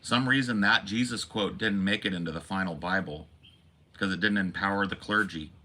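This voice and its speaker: A man's voice: low voice, normal speed, pushed and bright. A man hosting a podcast, delivering an impassioned, preachy rant full of profanity. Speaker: podcast host. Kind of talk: impassioned monologue.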